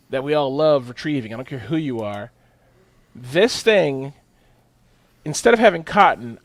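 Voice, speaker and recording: A man co-hosting a casual podcast, telling a profane, animated story and jumping his voice up for the punchlines. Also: a little high, no echo. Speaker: podcast co-host.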